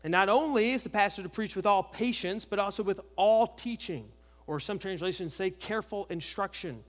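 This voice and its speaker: A man's voice: sits high, moderate pace. A man preaching an expository sermon, emphatic, asking rhetorical questions and repeating key phrases. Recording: long reverb of a large hall.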